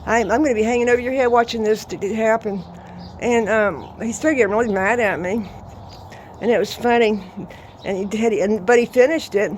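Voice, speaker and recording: A woman in her sixties spinning a rowdy tale in her yard, salty and quick to laugh. She talks casually at a middling pitch. Faint noise hangs behind her outdoors. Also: fairly even intonation. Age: 60s. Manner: laughing, salty, boisterous storyteller. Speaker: vlogger. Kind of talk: casual storytelling.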